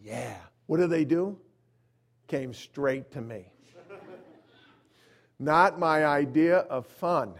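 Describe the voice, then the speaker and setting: A man preaching a sermon as an evangelist, telling a personal story, acting out quotes and swinging between loud emphasis and quiet asides. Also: fairly high pitch, slow pace, vocal fry, long pauses.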